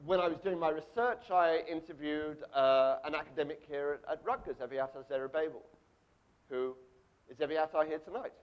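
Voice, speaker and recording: A man's voice: on the high side, normal speed, muffled recording. A man from Europe giving a university lecture in a conversational way, with frequent restarts and asides. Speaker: guest lecturer.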